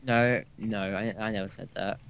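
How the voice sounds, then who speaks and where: A man's voice: on the low side, fairly even intonation, moderate pace, gravelly, a bit bright, clean tone. A man co-hosting a game playthrough, telling a long, crude anecdote in a rambling, casual way. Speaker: gaming co-host. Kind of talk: casual gameplay chat.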